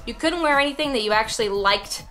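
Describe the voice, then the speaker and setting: A young woman telling stories to camera in a casual vlog, animated and laughing, with sudden loud outbursts and hushed asides. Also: on the high side, quick pace, soft background music. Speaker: vlogger.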